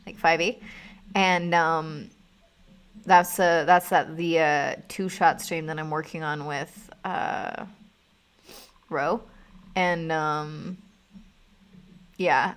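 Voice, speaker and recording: Bright, rambling young woman streamer. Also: on the low side. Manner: rambling, swears freely, many fillers. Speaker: streamer and game designer. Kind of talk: casual live-stream chat.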